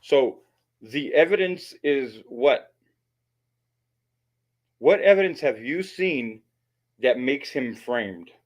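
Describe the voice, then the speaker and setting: A man's voice: mid-range voice, expressive, takes it slowly, pauses often. Blunt, swearing male commentator. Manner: blunt, mocking, swears often. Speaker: channel host reacting to a recorded call. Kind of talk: profane commentary.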